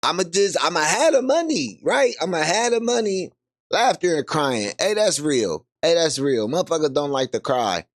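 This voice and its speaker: A man with a Bay Area accent hosting a live podcast, reacting casually and laughing often. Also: moderate pace. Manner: laughs often, loose and animated, rising to high squeals. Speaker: podcast host reacting to a clip. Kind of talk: casual live-stream commentary.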